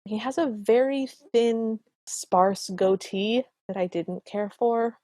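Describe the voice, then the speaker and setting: A woman co-hosting a podcast, recapping a film in animated, opinionated casual chat. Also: fairly high pitch, takes it slowly, no echo. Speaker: podcast co-host.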